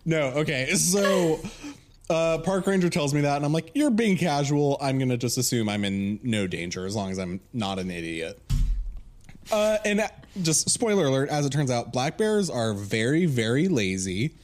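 A man's voice: mid-range voice, normal speed. A man co-hosting a podcast, telling a story in a loose, chatty way full of "like" and laughter. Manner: animated, laughing storyteller with many "like"s. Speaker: podcast co-host. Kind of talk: casual storytelling chat.

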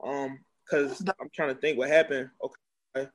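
A man's voice: mid-range voice, level tone, measured pace. A young man with a Philadelphia accent, a music promoter chatting casually as an interview guest, rambling with lots of fillers. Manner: laid-back, filler-heavy rambling.

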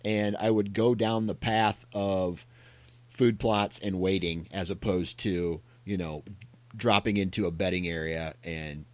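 A man hosting a casual talk, reflective and halting, often restarting his sentences. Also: deep voice, steady tone, dry recording. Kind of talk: casual conversation.

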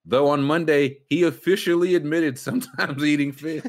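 A man's voice: a little high, steady tone, normal speed. A man hosting a casual sports and news podcast, joking and riffing with his co-hosts. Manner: joking, riffs in bits. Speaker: podcast host. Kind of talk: casual chat.

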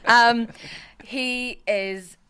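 A woman with a Belfast accent tells lively, profane stories as a guest comedian in a relaxed podcast chat. Her voice is bright and sits somewhat high, and she laughs through her tales. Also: extremely slow, clean tone. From West Belfast, Northern Ireland. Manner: animated storyteller, swears freely, laughs often.

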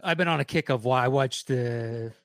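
A man's voice: mid-range voice, normal speed, a bit bright. A man riffs on films with dry humor, telling stories and cursing freely, in an ordinary mid-range voice. His voice is recorded close and dry, with no echo. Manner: wry, storytelling, swearing. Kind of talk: casual movie chat.

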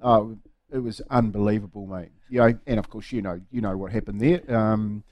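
A man's voice: fairly low pitch, steady tone, fairly quick, dull audio. A man with a New Zealand accent co-hosting breakfast radio, telling a rambling story. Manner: rambling anecdotal, chatty. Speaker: radio co-host. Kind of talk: casual radio banter. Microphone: studio microphone.

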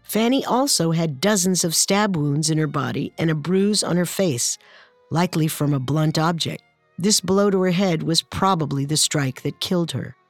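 Female true-crime co-narrator, lower voice, dry studio sound. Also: moderate pace, no room sound, faint music behind.

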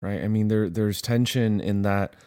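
A man co-hosting a casual conversation, telling personal stories in a reflective, measured way. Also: lowish voice, fairly even intonation, darkish tone, dry recording, studio quality.

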